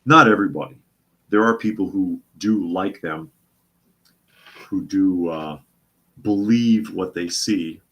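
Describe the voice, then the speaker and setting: A man's voice: sits low, slow pace, long pauses, a little mellow. A man hosting a casual news commentary show, sarcastic and often repeating his phrases for emphasis. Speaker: host.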